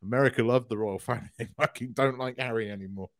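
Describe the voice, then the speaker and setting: A man's voice: medium pitch, quick pace, no echo. A middle-aged man co-hosting a podcast, talking bluntly and swearing freely in casual chat. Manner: blunt, sweary, animated ranting. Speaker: podcast co-host.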